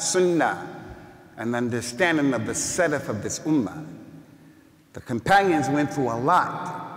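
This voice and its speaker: Impassioned imam preaching in a reverberant hall. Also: male voice, medium pitch. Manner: impassioned, rising to shouts, quotes Arabic scripture. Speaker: imam giving a Friday sermon. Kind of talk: sermon. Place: mosque prayer hall.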